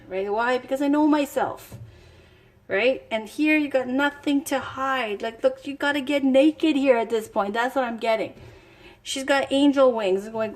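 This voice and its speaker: A woman's voice: high voice, a little slow. A woman giving a casual tarot reading, reading card passages aloud and chatting enthusiastically as she thinks aloud. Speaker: tarot reader.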